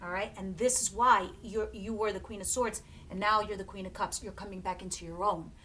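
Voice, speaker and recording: A woman's voice: mid-range voice, steady tone, fairly quick, sharp tone, slight background noise. A woman giving a casual tarot reading to camera, chatty and emphatic, swearing freely and often laughing. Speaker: tarot reader.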